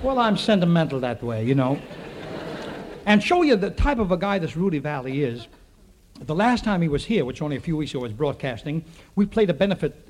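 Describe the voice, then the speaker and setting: A man telling a comic stage monologue to a live audience, with quick wisecracks and asides to the crowd. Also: fairly high pitch, very animated. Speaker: comedian and radio show host. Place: theater studio with live audience. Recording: faint noise on an old radio recording.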